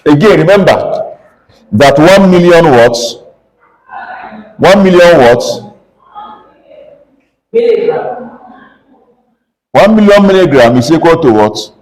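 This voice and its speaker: A man with a Nigerian English accent teaches a pharmacy calculation lesson, pitching his voice somewhat high. He keeps asking the class "what?" to have them finish each step aloud. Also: lively intonation, unhurried, pauses often, a little mellow, rough recording. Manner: call-and-response questioning, asks "what?" constantly. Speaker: pharmacy lecturer. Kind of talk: classroom lecture.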